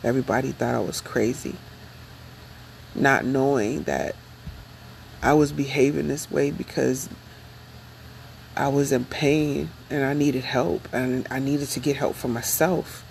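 Slow, gravelly-voiced woman speaking reflectively. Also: rumbling low, a little mellow, a little hiss or hum, rough recording. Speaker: vlogger. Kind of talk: personal confessional vlog.

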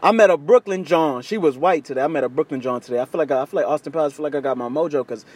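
Young male podcast host, fast storyteller, crude slang, animated voice jumps. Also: slightly rough. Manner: animated, acts out quoted voices with big pitch jumps; crude slangy street talk. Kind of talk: casual storytelling chat.

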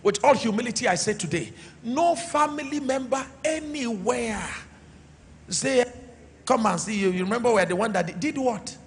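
A middle-aged Nigerian man preaching a sermon as pastor, calling for responses and swinging between shouts and quiet asides. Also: extremely high pitch, animated, moderate pace, in a large hall. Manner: preaching with call-and-response, sudden shouts then soft asides.

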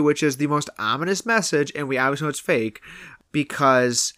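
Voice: medium pitch, moderate pace, smooth, no echo. Podcaster recapping a horror flick, quoting scenes, super dry audio. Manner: animated retelling, quotes scenes in voices. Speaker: podcast co-host. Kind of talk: casual movie review chat.

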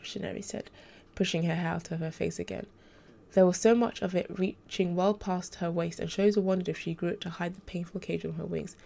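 A woman narrating an audiobook in a steady, plain reading voice. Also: lowish voice, brisk, vocal fry.

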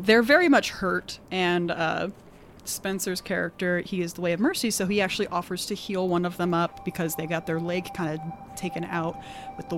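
A woman with an accent casually recapping a tabletop game session, animated and laughing often, peppering her talk with "like". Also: on the low side, slight background noise. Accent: non-standard accent of her own. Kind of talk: casual storytelling chat.

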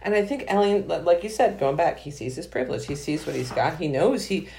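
A woman's voice: sits low, animated, a little fast, dark tone. A woman author talking casually about a book she loves, enthusiastic and rambling, with frequent restarts. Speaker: author and podcast guest.

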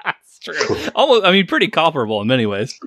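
A man's voice: a little high, wildly swooping pitch, fast, vocal fry, noisy background. A man in his forties hosting a podcast in a jokey, chatty way, now and then bursting into silly voices. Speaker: podcast host. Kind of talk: casual podcast chat.

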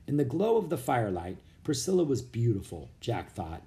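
A male narrator reading a children's chapter book aloud. His pitch sits in the middle, but his delivery is animated and expressive, rising and falling with the story. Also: normal speed, few pauses. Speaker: audiobook narrator.

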